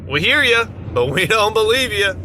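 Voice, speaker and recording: A man's voice: high-pitched, big pitch swings, moderate pace, bright, forceful tone, slight background noise. A man ranting in an exasperated, sarcastic way in an opinion vlog. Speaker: vlogger. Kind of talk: opinion rant to camera.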